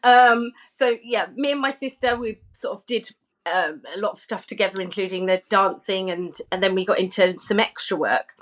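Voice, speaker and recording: A woman's voice: mid-range voice, normal speed, a bit bright. A British woman chatting casually as a podcast guest, hesitant and self-deprecating, laughing often.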